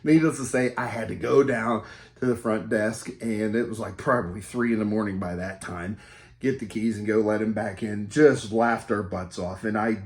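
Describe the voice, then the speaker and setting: Rambling, jokey man telling a story. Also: fairly low pitch. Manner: animated and rambling, with many fillers and self-corrections; jokey and self-amused. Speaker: storyteller giving a recorded tribute. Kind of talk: casual anecdote telling.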